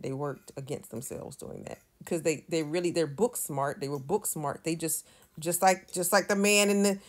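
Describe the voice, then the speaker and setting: A woman talking casually to her audience, emphatic, repeating and restarting her words and sometimes dropping to a near-whisper. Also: low voice. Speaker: channel host. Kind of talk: casual commentary to camera.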